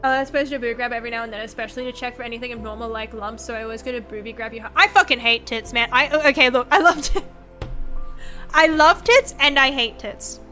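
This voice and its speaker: A young woman streaming a casual chat, her voice high and bright. She rambles in a frank, profane, animated way, and faint music plays behind her. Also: quick pace. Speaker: VTuber streamer.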